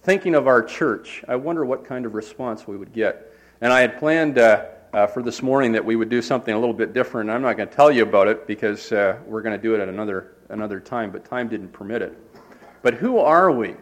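A man's voice: fairly low pitch, fairly even intonation, fast. A man, a pastor giving a sermon in a church sanctuary, who talks in a loose, conversational way with many uh fillers and restarts.

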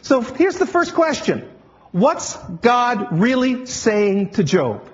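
A man's voice: extremely high pitch, very animated, slow pace. A man preaching a sermon in a playful teacher style, quizzing his congregation as if they were a class. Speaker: pastor. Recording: dull lo-fi recording.

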